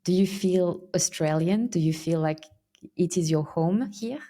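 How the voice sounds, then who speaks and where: A woman hosting a podcast, asking questions in a warm, conversational way. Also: lowish voice, measured pace. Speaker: podcast host. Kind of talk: podcast interview.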